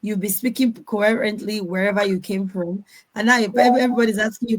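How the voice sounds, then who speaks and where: A woman answering audience questions on a video call panel, lively and acting out the voices she quotes. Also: fairly high pitch, normal speed, poor audio. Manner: animated, acts out quoted voices.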